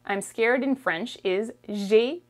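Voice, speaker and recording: A woman's voice: on the high side, slow pace. A woman teaching a language lesson, patiently repeating each phrase and checking in with "okay?". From Canada. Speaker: French teacher.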